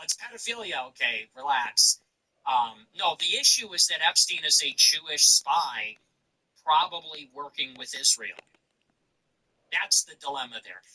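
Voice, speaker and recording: Husky, sharp-toned male show host. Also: on the high side, rough recording. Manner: blunt, profane, conversational. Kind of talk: casual ranting monologue.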